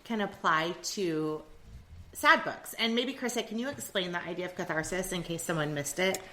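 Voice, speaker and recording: A woman hosting a casual podcast with a sharp, bright tone that sits a little low in pitch. She asks questions and drops into lively anecdotes. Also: normal speed, slight background noise. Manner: questioning, animated storyteller. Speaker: podcast host. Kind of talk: casual chat, leading discussion.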